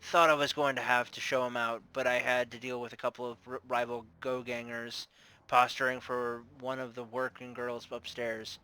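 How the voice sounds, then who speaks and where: A man's voice: mid-range voice, little pitch movement, normal speed, bright, forceful tone, smooth, close to an everyday voice. A man voicing a worldly young bouncer who talks plainly and briefly. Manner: laconic, plainspoken. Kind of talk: tabletop game character voice.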